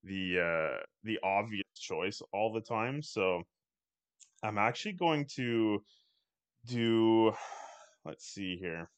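A man's voice: on the low side, expressive, slow pace, pauses often. A man chatting casually on a podcast, thinking aloud with many hesitations. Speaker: podcast co-host.

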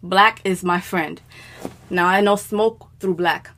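A woman co-hosting a podcast, telling a profane story in casual chat and getting more animated and loud. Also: lowish voice, takes it slowly, a little hiss or hum. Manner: animated, profane, rising to shouting as she relives anger.

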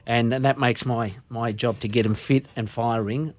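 A man's voice: medium pitch, fairly even intonation, normal speed, dry recording. A man with an Australian accent, a junior football coach speaking emphatically and motivationally in a casual radio interview.

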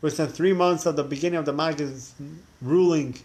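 A man's voice: fairly high pitch, a little fast, a little mellow. A man teaching a religious class who tells stories animatedly, acting out the characters, with frequent restarts. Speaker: Torah teacher.

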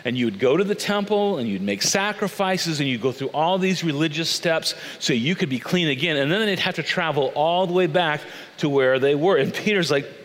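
A man's voice: normal speed, few pauses. Man preaching with long hall reverb. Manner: animated, acts out quoted voices with big pitch swings. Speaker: pastor. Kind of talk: sermon.

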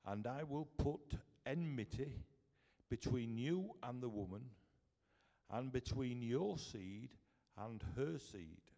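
A man with a Yorkshire accent reading scripture aloud, slowly and deliberately. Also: medium pitch, expressive, creaky, warm tone. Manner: slow and deliberate. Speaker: scripture reader. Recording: echoey hall from far off.

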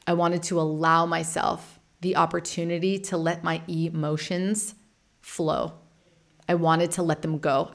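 Frank woman with a gravelly low voice. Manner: frank and animated, swears casually, laughs often. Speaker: podcast host and meditation teacher. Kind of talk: candid personal storytelling.

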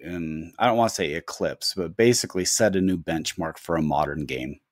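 Low-voiced man musing in halting phrases. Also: no echo, studio quality. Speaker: podcast co-host. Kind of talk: casual chat.

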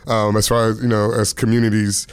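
A man's voice: on the low side, monotone, a little fast, smooth, dry recording. A comedian in his thirties or forties from the Washington, D.C. area, telling stories in a loose, laid-back way with frequent chuckles. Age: 30s to 40s. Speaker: stand-up comedian guest. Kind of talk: casual interview storytelling.

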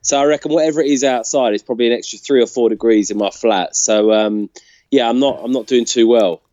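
A man's voice: medium pitch, fast talker, mellow, no echo. Bantering British man, dull dry sound. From Britain. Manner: teasing, banter with slang. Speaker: podcast co-host. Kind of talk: casual podcast chat. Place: top-floor flat.

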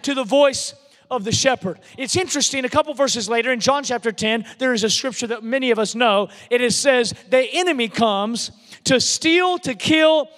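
A man preaching in a big hall with a long reverb trailing off his words. His voice sits very high for a man, and he presses his points hard, often doubling words as he builds up. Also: brisk, fairly bright tone. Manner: emphatic, repeats words when building a point. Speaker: pastor. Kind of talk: sermon. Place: large church hall.

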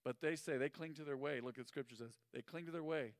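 A pastor delivers a lively sermon, his fairly high voice swinging from loud bursts to near-whispers. The mic sits close and dry, yet a long hall reverb trails after his words in the sanctuary. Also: quick pace. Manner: animated storytelling preacher, swings from loud to hushed.

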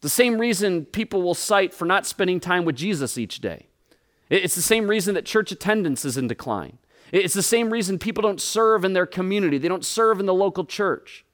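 A man, a pastor, preaching a sermon and telling a personal story in an animated way with humorous asides. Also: high-pitched, brisk. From United States.

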